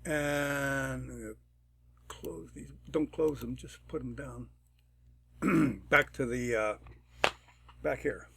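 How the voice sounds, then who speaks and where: A man talking through a programming tutorial step by step, unhurried and thinking aloud, often clearing his throat. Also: medium pitch, a bit bright, a little hiss or hum. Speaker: tutorial presenter. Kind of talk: screen-recorded programming tutorial.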